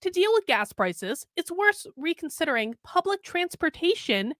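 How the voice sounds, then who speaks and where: A woman's voice: very high-pitched, sing-song, moderate pace, a bit bright, dry recording, studio quality. A woman hosting a news commentary show, reading an article aloud and mocking it sarcastically.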